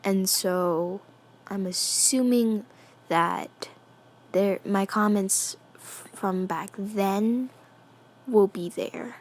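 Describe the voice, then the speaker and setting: A woman reading a fan story aloud, quietly and half-whispered, giggling and breaking off to comment. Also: mid-range voice, drawn-out words. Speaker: fan fiction reader.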